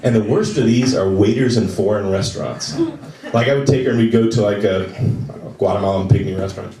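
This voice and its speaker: A man performing a stand-up comedy set on a club stage, talking to the audience and jumping into high voices for the people he quotes. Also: quick pace, a crowd in the background. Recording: roomy live club sound from a distance. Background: audience laughing.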